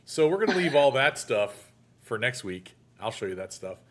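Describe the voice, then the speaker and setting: A man's voice: mid-range voice, very animated, normal speed, crowd noise. A middle-aged man hosting a casual chat show, joking and laughing as he talks. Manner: chatty, joking, laughs often. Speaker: show host.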